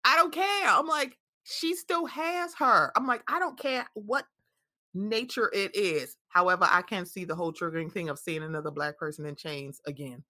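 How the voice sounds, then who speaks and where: A woman chatting casually and profanely about a TV episode, animated and full of "I'm like.". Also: mid-range voice, normal speed. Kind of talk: casual chat recapping a TV episode.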